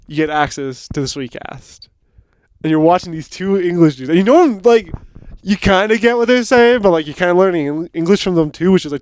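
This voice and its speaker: A man's voice: a little high, darkish tone, smooth. A young man co-hosting a podcast, telling rambling jokey stories and swearing casually. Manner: joking, rambling storyteller, swears a lot. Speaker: podcast co-host. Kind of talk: casual chat.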